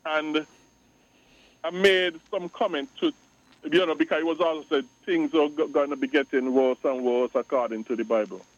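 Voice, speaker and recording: A man's voice: on the high side, fairly even intonation, moderate pace, dry recording, muffled recording. A man on a call-in radio show, speaking emphatically and repeating his points. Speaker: radio guest. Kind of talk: call-in talk radio discussion.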